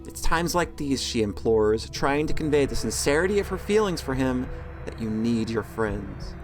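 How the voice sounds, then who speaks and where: A man reads a visual novel's story text aloud in a lively, swooping voice, breaking in with sarcastic jokes. Game music plays faintly behind him. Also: medium pitch, normal speed. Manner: sarcastic, joking asides. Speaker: let's play host.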